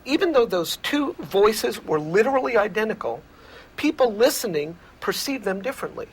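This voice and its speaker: A male researcher giving measured, lecturing explanations in an interview. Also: sits high, very animated, slight background noise. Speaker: communication researcher.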